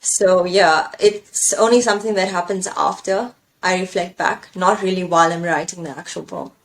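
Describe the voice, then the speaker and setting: A woman's voice: lowish voice, fairly even intonation, moderate pace. A woman poet and engineer, a guest in a coaching talk, speaking in a thoughtful, searching way with fillers and self-questions. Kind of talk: reflective conversation.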